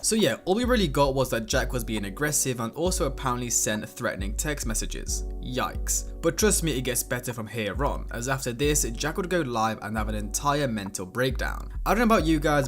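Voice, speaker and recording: A man's voice: medium pitch, lively intonation, fairly quick, hardly any pauses, soft background music. A man narrating a commentary video voice-over in a mocking, gossipy way.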